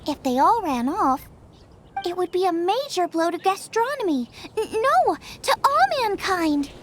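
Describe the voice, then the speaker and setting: A woman voicing a cheerful young female chef in a video game, bubbly and eager, rambling excitedly about ingredients and recipes. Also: very high-pitched, a little slow, a little hiss or hum, exaggerated voice. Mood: apologetic. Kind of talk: game cutscene voice acting. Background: background music.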